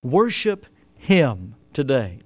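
A man preaching a sermon, swinging between loud emphatic bursts and hushed low phrases, stretching key words and often restarting mid-sentence. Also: big pitch swings, slow pace, dry recording. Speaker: pastor.

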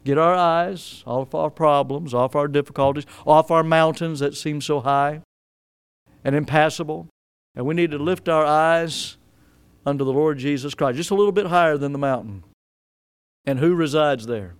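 A man preaching a sermon as pastor, rising to loud emphatic peaks and dropping to soft, low asides. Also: normal speed, smooth. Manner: preaching with sudden loud rises and soft drops.

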